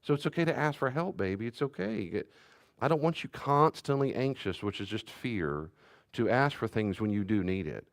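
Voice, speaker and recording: A man's voice: mid-range voice, animated, normal speed, vocal fry, dry recording. A middle-aged man, a pastor, giving a teaching talk on parenting and acting out the voices of a child and a parent as he tells stories.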